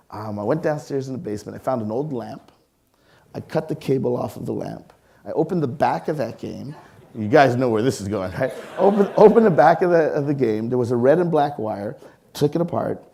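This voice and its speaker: A man in his forties giving a public science lecture, telling lively personal stories and asking the audience questions. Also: medium pitch, gravelly, breathy edge. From Canada. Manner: lively storyteller, acts out voices, engages audience with questions. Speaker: science museum leader giving a public talk.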